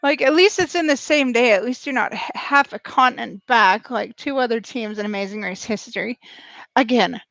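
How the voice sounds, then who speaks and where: A woman vlogger giving live reaction commentary, excitable and gushing, talking straight to her viewers. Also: fairly high pitch, normal speed, creaky, no echo, soft background music, rough recording.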